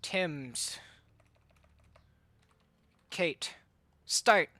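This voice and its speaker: Hyped-up high-voiced male caster. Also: extremely slow. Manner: hyper, excitable play-by-play with bursts of shouting. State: out of breath. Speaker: tournament caster and streamer. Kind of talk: live esports commentary.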